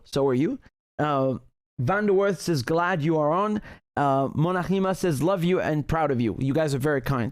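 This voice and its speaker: A man hosting a casual livestream, reading viewer messages aloud with lively, restarting speech. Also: on the high side, no echo, studio quality. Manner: animated, frequent restarts and laughter. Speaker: livestream host reading super chats.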